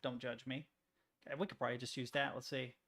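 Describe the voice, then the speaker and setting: Gravelly-voiced man rambling casually. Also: mid-range voice, little pitch movement, fast, fairly bright tone. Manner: rambling, self-interrupting, swears casually. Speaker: streamer. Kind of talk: casual chat while making music on a computer.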